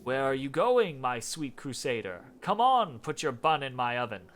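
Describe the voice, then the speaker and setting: A man's voice: medium pitch, sing-song, moderate pace, fairly bright tone. A man voicing a hideous, predatory old crone demon who hisses and leers. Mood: leering. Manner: hissing, leering.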